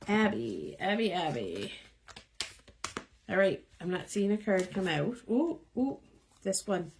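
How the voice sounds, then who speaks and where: A young woman, who is losing her voice, gives chatty, encouraging tarot readings live into a phone above her eye level. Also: mid-range voice. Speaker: tarot reader. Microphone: phone held above eye level.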